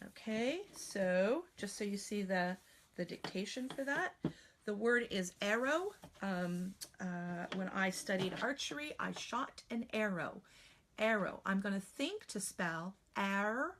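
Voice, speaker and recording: An American woman teaching spelling in a live online class. She talks in a chatty, animated way and sometimes slips into playful silly voices. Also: mid-range voice, measured pace, noisy background. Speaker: spelling trainer.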